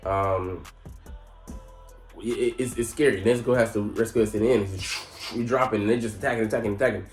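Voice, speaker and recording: A man's voice: lowish voice, steady tone, a little fast, long pauses. A man giving casual anime commentary, rambling with lots of fillers and profanity. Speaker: anime reviewer. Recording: echoey room, faint music.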